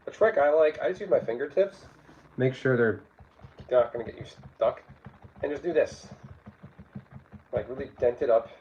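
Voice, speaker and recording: A man's voice: mid-range voice, normal speed, pauses often, darkish tone, muffled recording, slight background noise. A man hosting a casual cooking livestream from his home kitchen, rambling and reading out chat. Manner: rambling, chatty, reads out chat. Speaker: livestream host. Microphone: phone.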